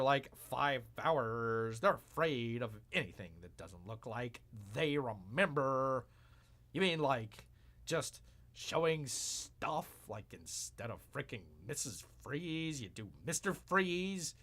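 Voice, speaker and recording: A man's voice: mid-range voice, expressive, slow, fairly bright tone. A man hosting a live stream, reacting with sarcastic, mock-exasperated commentary. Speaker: streamer host.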